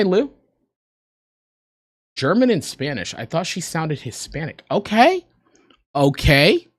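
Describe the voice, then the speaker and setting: Guy rambling on his stream, lively voice, dry close mic, joking about himself. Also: a little high, no room sound. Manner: rambling, self-deprecating, joking with chat. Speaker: livestreamer. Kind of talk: casual reaction stream chat.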